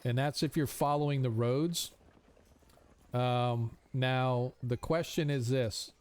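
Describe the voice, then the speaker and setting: A man's voice: medium pitch, slow pace, a little mellow, clean tone. A man acting as game master for a tabletop game, thinking aloud with many ums as he explains the rules.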